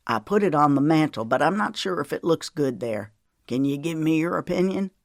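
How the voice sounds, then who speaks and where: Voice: lively intonation, a little fast, gravelly, no echo, studio quality. A narrator voicing an earnest, tender older husband. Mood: casual. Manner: low, urgent, earnest.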